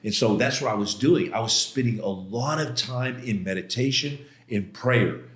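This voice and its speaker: Middle-aged male guest, animated storyteller, mid-pitched voice, echoey room sound. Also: normal speed. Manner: animated, acts out quoted voices, frequent "man". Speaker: podcast guest. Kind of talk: casual storytelling interview. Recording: roomy studio echo.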